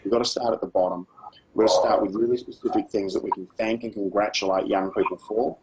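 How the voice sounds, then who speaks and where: A man's voice: lowish voice, fairly even intonation, fast, highs cut off, noisy background. A man with an Australian accent leading a workshop for teachers, speaking in a conversational, practical way and using personal stories. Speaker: education speaker.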